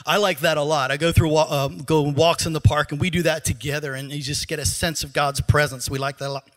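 A middle-aged man preaches a sermon from a church stage with a handheld mic, his voice high and bright. He talks in an animated, joking way, and his throat troubles him, so he clears it often. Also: brisk, soft background music. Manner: animated, joking, laughs at his own asides. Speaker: pastor.

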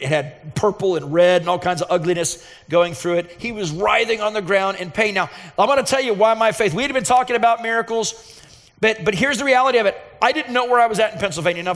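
A man's voice: high-pitched, a bit bright. A man preaching a sermon as pastor, earnest and emphatic, telling a personal story with fervent intensity. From Texas, USA. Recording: reverberant hall sound.

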